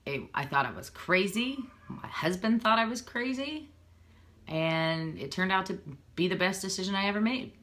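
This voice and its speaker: A woman's voice: medium pitch, expressive, moderate pace, a bit bright. A woman in her thirties, a fitness coach talking casually and earnestly on a live video, persuasive and a little emotional. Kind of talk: casual live-stream talk to viewers. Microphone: phone or webcam, live video.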